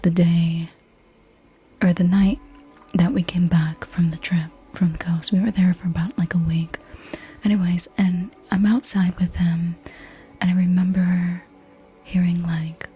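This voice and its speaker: Softly whispering woman telling a story, whispered ASMR. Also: fairly low pitch, breathy edge. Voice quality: unvoiced whisper. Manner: rambling, casual, swears freely. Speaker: ASMR creator.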